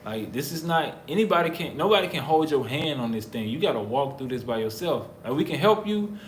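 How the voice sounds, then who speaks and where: A man's voice: on the high side, lively intonation, fairly quick. A man from the United States talking casually to camera, emphatic and preacherly, repeating his points. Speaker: vlogger, husband in couple channel. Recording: roomy echo, faint background noise.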